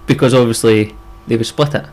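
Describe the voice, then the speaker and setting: Young scottish guy rambling on a podcast, loads of "like" and swearing, middling pitch. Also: steady tone, brisk, a little mellow, rough recording. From Scotland. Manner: rambling, filler-heavy, swears casually. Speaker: podcast co-host. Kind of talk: casual chat.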